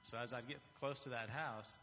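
A man's voice: mid-range voice, fairly even intonation, moderate pace, bright, forceful tone, a little hiss or hum. A man giving an earnest, confessional testimony to a church audience, often restarting his phrases. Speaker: lay speaker giving a testimony. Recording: dull, reverberant hall recording.

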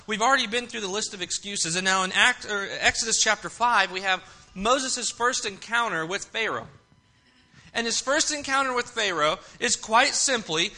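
A man's voice: high voice, normal speed, pushed and bright. A man preaching a sermon, reading scripture aloud and then explaining it with emphatic repetition and frequent restarts. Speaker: pastor.

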